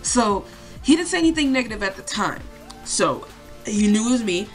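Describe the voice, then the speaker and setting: A woman's voice: mid-range voice, lively intonation, normal speed, soft background music. A young woman telling a story to camera in a casual, rambling way, full of fillers and swearing. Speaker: vlogger.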